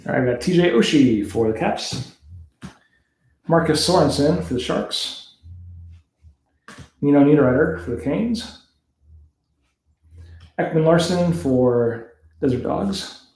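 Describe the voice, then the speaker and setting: This Canadian card-break host casually calls out player names as cards are opened, chuckling when a name is tricky to say. His voice sits a little high, expressive and darkish in tone, delivered at a slow pace with long pauses, in a reverberant setting.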